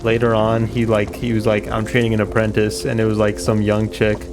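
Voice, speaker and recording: A man's voice: lowish voice, completely flat delivery, brisk. A man streaming a game, chatting casually and rambling through stories full of fillers. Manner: rambling, filler-heavy storytelling. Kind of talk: casual chat while gaming. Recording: game music behind the voice. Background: game music.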